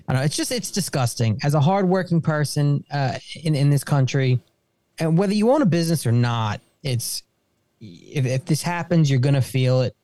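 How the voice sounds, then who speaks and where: A middle-aged man and small business owner talking casually on a podcast, halting and repeating himself as he talks. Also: mid-range voice, warm tone, no echo. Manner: halting, repeats words and restarts. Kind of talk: casual political chat.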